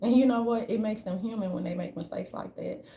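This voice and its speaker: A woman giving an unscripted commentary rant, brash and profane, with a sassy, animated delivery. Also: medium pitch, a little fast. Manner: brash, profane, sassy, repeatedly says "darling"; animated, jumps into mocking voices. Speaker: commentary vlogger.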